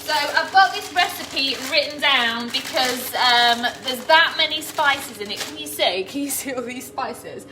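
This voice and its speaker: A woman's voice: high-pitched, animated, unhurried, hardly any pauses, background noise. A middle-aged woman hosting a live cooking stream from her home kitchen, chatting casually and greeting viewers by name as she works. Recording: echoey kitchen, mic far off, pan clatter.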